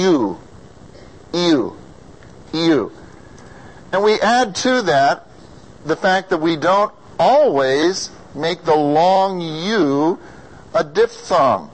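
Slow patient American man teaching vowels. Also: on the high side, poor audio. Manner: slow, patient, sounds out vowels and asks the class. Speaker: singing or diction teacher. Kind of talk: classroom lesson on vowel sounds.

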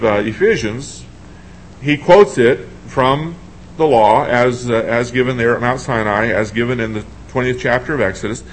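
A man's voice: medium pitch, a little hiss or hum, rough recording. A man preaching a sermon in a conversational way, asking his congregation questions and thinking aloud as he reads scripture.

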